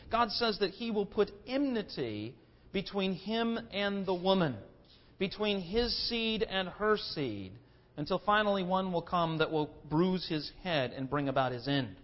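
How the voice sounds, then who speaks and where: A man preaches a sermon in a high, ringing voice. He drives his points home with emphatic, dramatic delivery. The recording sounds dull and lo-fi. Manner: emphatic and dramatic, acting out quotes.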